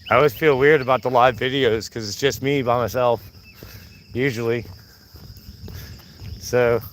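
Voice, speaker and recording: A man chatting to his viewers on a live vlog while walking a trail, his voice hoarse from yelling. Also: mid-range voice, slight background noise. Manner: chatty, talks to himself and viewers. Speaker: vlogger. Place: outdoor nature trail.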